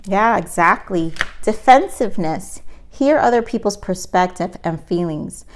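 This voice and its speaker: A woman's voice: medium pitch, lively intonation, measured pace, a little hiss or hum. A woman giving an earnest, emphatic tarot reading to viewers, often repeating herself. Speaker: tarot reader.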